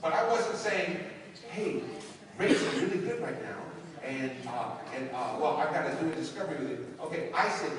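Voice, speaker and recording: A man giving an energetic motivational training talk, acting out quoted dialogue and shouting for emphasis. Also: a little high, normal speed, crowd noise. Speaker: network marketing trainer. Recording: echoey hall from far off.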